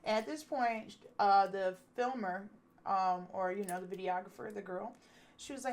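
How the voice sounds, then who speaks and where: A woman's voice: mid-range voice, moderate pace. A woman vlogger telling a candid storytime with lots of swearing, acting out what people said. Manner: candid, profane, acts out quotes. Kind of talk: casual storytime.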